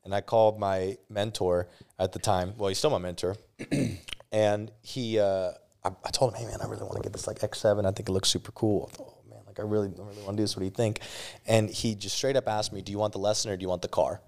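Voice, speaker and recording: Deep-voiced young man telling a candid story. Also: level tone, fast talker, creaky, darkish tone. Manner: candid, swears freely, many restarts. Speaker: podcast guest. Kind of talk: casual storytelling.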